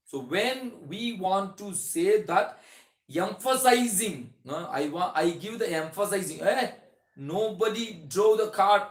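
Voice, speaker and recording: A male teacher talks through a grammar lesson in a slightly high voice. He begins many sentences with "so", restarts phrases, and slows down to stretch out each example word. The sound echoes around the room. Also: expressive. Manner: explains slowly with many "so" openers and restarts, stretches example words. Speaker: English teacher.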